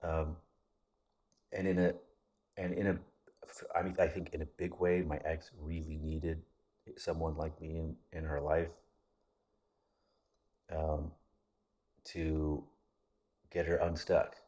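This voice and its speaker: A man's voice: extremely low pitch, level tone, slow, long pauses, mellow. A man talking in a casual vlog monologue, rambling and candid, with frequent restarts and casual swearing. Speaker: vlogger.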